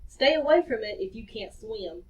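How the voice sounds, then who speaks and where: A woman reading a gruff but kind beaver. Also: on the high side, expressive, normal speed, darkish tone, lightly acted. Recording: distant dull lo-fi recording.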